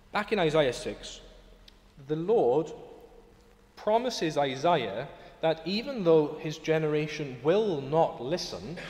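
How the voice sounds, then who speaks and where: A man preaching in an echoey church, his voice ringing out with a long reverb tail. He sits a little high for a man and speaks earnestly, pressing his points with strong emphasis. At moments he builds up to bright exclamations. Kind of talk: sermon.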